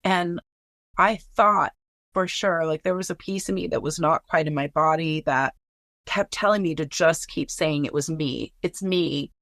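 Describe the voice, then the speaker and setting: A woman's voice: deep voice, normal speed, fairly bright tone, no room sound, studio quality. A woman recounting a personal story in casual, blunt speech, swearing freely and filling with "like".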